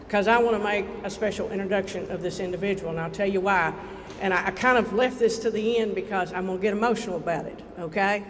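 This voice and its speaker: Folksy high-voiced Kentucky lawmaker. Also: male voice. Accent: Eastern Kentucky. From Eastern Kentucky. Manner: folksy, heartfelt, rising to rallying cries. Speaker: state legislator. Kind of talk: public dedication speech. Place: outdoor ceremony on a platform before a crowd. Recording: reverberant PA with crowd and background noise.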